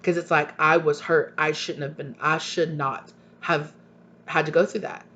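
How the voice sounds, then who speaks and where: Doing a tarot reading for viewers, this man talks with earnest emphasis, frequently repeats himself, and asks pointed questions. His pitch is fairly high, his tone sharp, and his delivery flat at a normal speed. A faint hum runs under the dull, lo-fi audio.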